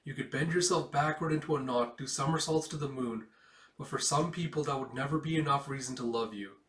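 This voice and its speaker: A tired, loving mother speaks slowly and softly, as a man reads her lines from a comic. The voice sounds roomy and a little distant. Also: medium pitch, lightly acted. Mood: tender. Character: weary, tender refugee mother.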